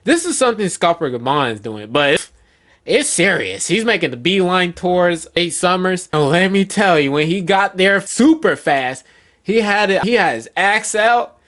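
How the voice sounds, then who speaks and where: A man casually recapping a manga chapter, reading out character quotes with excited slips and restarts. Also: sits high, moderate pace. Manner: excited storyteller, reads quotes aloud with loose slips and restarts.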